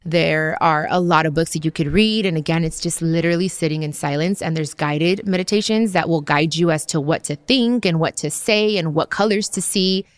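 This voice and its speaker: A woman, talking in a casual, candid, chatty way. Her voice sits a little low and the recording is close and dry. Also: moderate pace, few pauses, no echo. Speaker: podcast host. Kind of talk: casual spiritual talk.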